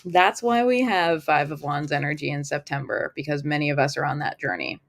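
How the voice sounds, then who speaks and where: Woman, tarot reader, live stream host, casual rambling chat, fillers, lower pitch. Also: animated, a little fast, noisy background. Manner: chatty, rambling with fillers, acts out quoted thoughts.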